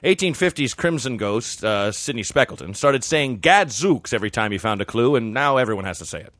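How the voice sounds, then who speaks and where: A man's voice: medium pitch, lively intonation, a little fast, fairly bright tone, dry recording, clean studio sound, close to an everyday voice. A man playing a tired middle-aged masked-hero father in a comedy sketch, coaxing and matter-of-fact.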